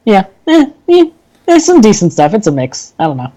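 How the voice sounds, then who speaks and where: A man's voice: high voice, huge pitch swings, normal speed, warm tone, low-quality recording. A man co-hosting a gaming podcast, talking in an easygoing way and laughing often. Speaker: podcast co-host. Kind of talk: casual chat.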